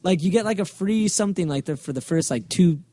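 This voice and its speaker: A man's voice: high voice, fairly quick, dark tone, dry recording. A man hosting a comics podcast, rambling and laughing while he tells stories. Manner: rambling, lots of laughing and quoting. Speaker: podcast host. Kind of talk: casual chat.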